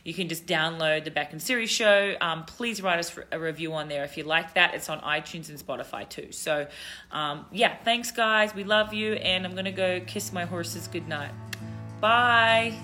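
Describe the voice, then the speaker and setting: Australian woman host, casual live Q&A, low pitch, bright tone. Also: moderate pace, faint music behind. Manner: chatty coaching tips, with fillers. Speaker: podcast host.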